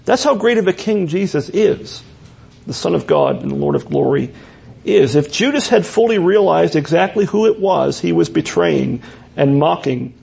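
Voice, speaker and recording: A man's voice: a little high, big pitch swings, moderate pace, creaky, darkish tone, husky. A man preaching an expository sermon as a pastor, earnest and explanatory, often restarting his phrases.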